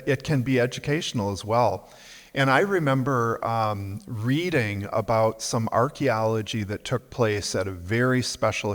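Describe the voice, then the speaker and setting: A male collector speaking on a panel, measured and explanatory, stopping to explain terms. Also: medium pitch. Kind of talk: panel discussion. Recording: long reverb of a large hall.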